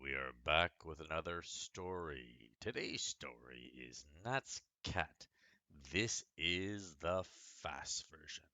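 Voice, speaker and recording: A man's voice: extremely low pitch, animated, bright, forceful tone, dry recording. A man teaching English who reads a children's story aloud, with exaggerated rises and falls in his voice, recorded close to the mic. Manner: exaggerated rise and fall in the voice, slow and careful.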